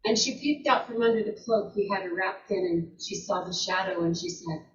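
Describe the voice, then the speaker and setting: Woman telling a folktale from afar. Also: medium pitch. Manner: unhurried, repeats words and restarts while telling. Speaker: storyteller. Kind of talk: oral folktale retelling. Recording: roomy, distant, dull lo-fi sound.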